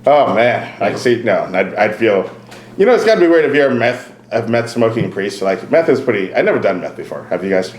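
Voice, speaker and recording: A man's voice: fairly low pitch, sing-song, a little fast, a little hiss or hum. A man co-hosting a casual podcast chat, rambling, laughing often and swearing casually. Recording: echoey room.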